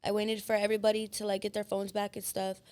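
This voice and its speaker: A woman guest on a podcast, telling her story in a blunt, profane and animated way. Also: mid-range voice, fast, smooth. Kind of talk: casual storytelling chat.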